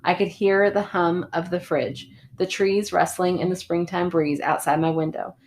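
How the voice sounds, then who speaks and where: A woman's voice: lowish voice, little pitch movement, moderate pace, darkish tone, slight background noise. A woman co-hosting a podcast, reading a listener's story aloud and chatting, laughing often as she retells things. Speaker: podcast co-host. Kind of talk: casual chat and story reading.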